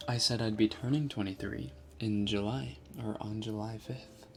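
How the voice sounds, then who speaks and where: Soft-spoken young man chatting on an ASMR stream. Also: on the low side, steady tone, normal speed, vocal fry, noisy background. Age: 20s. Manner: soft-spoken, drifting into whispers. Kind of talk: ASMR live stream chat.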